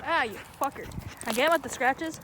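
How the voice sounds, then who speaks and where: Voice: high-pitched, moderate pace. A vlogger chatting casually to their dog outdoors, playful and laughing, with some casual swearing, recorded on a handheld phone. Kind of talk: casual vlog, talking to a dog. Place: outdoors in a yard by a fire. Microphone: phone held in hand. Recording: outdoor phone recording with clear background noise. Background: dog moving about, outdoor ambience.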